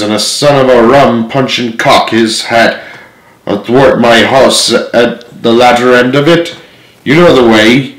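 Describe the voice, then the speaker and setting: A man's voice: medium pitch, fairly bright tone, roomy sound, natural voice, poor audio. A man reading aloud and voicing a cunning, menacing old one-legged pirate cook who swears sea-dog oaths. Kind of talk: storybook read-aloud acting.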